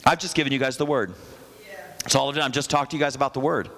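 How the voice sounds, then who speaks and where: A middle-aged male pastor preaching a sermon, excitable, with rambling asides and bursts of shouting. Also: medium pitch, very fast, in a large hall. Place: church hall.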